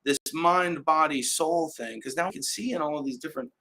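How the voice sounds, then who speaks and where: A man's voice: on the high side, a little fast, pushed and bright, rough recording. A young man, hosting a casual live stream and rambling loosely with fillers and trailing laughs. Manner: many fillers and restarts.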